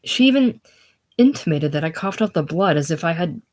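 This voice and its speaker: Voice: mid-range voice, expressive, a little fast, darkish tone, natural voice. A reader voicing a sickly, brooding older man. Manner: theatrical, brooding, self-pitying. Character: ailing older man, consumptive, grandiose and lonely. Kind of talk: casual play reading.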